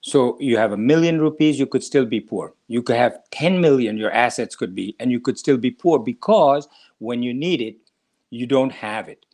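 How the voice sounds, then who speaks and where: A man's voice: mid-range voice, normal speed, a little mellow. A man from India, a spiritual teacher explaining scripture in a lecture, telling stories and speaking directly to the listener. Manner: storytelling, explanatory, addresses listener.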